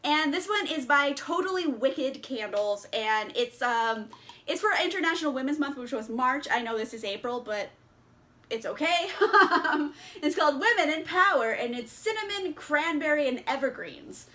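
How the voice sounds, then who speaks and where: A woman's voice: high-pitched, lively intonation, moderate pace, pushed and bright. Bubbly, giggly woman chatting about books. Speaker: book vlogger. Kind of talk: casual book haul chat.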